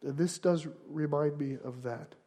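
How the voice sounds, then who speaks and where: Male pastor, high voice, earnest sermon, repeats phrases, swings from loud to soft. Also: unhurried. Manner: builds to emphatic, louder passages then drops to quiet prayer.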